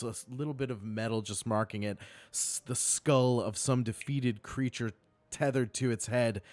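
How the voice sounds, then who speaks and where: A man narrating as dungeon master in a live tabletop game, painting scenes vividly and breaking off for quick rules asides. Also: on the low side, no echo.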